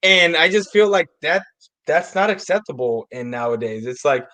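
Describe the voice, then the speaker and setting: Higher-voiced male panelist, animated storyteller, swears a lot. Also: moderate pace. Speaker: panel guest. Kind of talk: casual sports talk.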